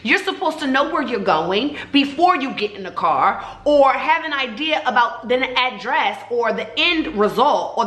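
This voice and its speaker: A woman vlogger telling a story to her viewers in a sassy, animated way, acting out both sides of the conversation. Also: sits high, reverberant.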